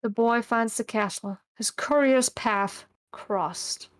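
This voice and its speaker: A woman taking part in a casual live read-along, reading the narration lines in a plain, even way and dropping in wry comments. Her voice sits a little higher than most women's. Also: slow pace. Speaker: guest co-reader.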